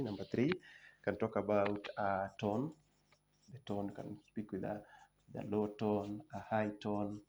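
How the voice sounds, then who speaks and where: A man teaching an exam revision lesson, listing points one by one, repeating key terms and often restarting his sentences. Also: on the low side. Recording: noisy background.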